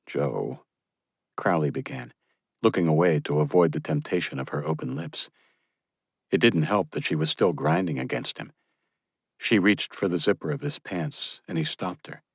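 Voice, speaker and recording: Deep-voiced male audiobook narrator. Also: normal speed, creaky, husky, no echo, studio quality. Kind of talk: scripted narration.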